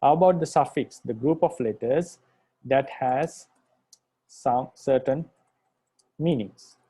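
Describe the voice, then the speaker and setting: Mellow-voiced monk patiently teaching grammar. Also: male voice, medium pitch, slow, slightly rough. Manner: patient, repetitive, restates points with "right?". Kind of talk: explanatory lecture.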